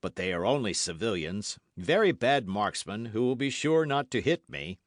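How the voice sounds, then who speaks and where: An unflappable aristocratic swordsman speaks in a calm, stately way with dry irony, as a male narrator puts him on. His delivery moves through a lively range of pitch. The recording is close and dry, as in a storybook reading. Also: normal speed, no room sound. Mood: calm, ironic.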